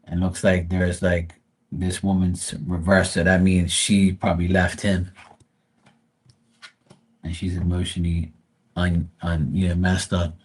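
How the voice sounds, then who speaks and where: A man reads tarot on a casual live stream and drifts into loose, joking chatter full of swearing. His voice is low and slightly husky, and he tells stories in a relaxed, rambling way. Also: a little slow, long pauses.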